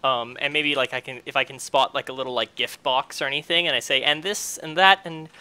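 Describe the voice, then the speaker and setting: Man, tabletop game player, casual, halting with fillers, bright, crisp voice. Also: mid-range voice, steady tone. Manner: halting, full of fillers and restarts. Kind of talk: casual in-character play.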